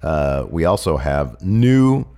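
A man's voice: a bass voice, big pitch swings, takes it slowly, dark tone. A man co-hosting a podcast while sick with a cold, chatting casually and teasing his partner. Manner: joking, teasing, rambling. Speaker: podcast co-host. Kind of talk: casual chat.

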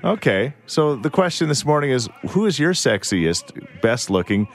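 A man hosting a morning radio show, joking around in casual banter with his co-hosts. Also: moderate pace. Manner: lively, joking, swings pitch a lot.

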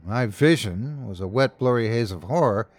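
A man hosting and narrating a scripted horror story in a measured, dramatic first-person telling. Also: mid-range voice, lively intonation. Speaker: host and narrator.

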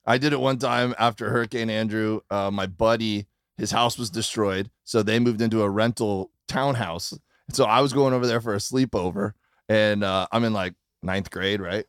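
A man, a podcast guest, telling a story in casual chat with lively delivery. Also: on the low side, normal speed, clean tone, no echo, studio quality. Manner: animated, acts out voices in his stories.

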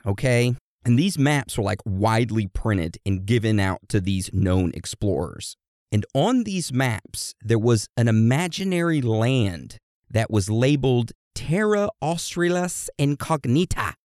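A male podcast host with a medium-pitched, darkish voice tells history casually, joking and swearing as he goes. He speaks to his co-host like a teacher, and the recording is dry and studio quality.

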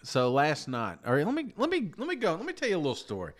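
A fast-talking man with a higher voice whose pitch swoops wildly co-hosts a podcast after a sleepless night. Tired, he spins a long, rambling, self-deprecating story in casual chat, tossing in "you know what I'm saying" again and again.

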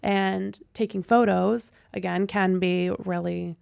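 A young woman telling stories on a podcast, enthusiastic and quick, with lots of fillers. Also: mid-range voice, steady tone, gravelly, a little mellow. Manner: enthusiastic, fast storytelling with many fillers. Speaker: podcast guest. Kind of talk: casual podcast chat.

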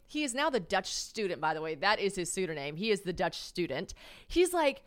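Podcast host, woman, late 20s, casual storyteller, animated, salty, plays out every quoted line. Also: fast talker. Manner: animated, swears, acts out quotes with jumps in pitch and volume, laughs often. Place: her apartment.

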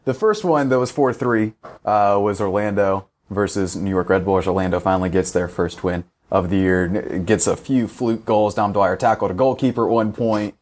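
A man's voice: fairly low pitch, normal speed. A young man co-hosting a casual sports podcast, recapping a match with wry jokes. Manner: wry, joking, lively recaps. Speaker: podcast co-host.

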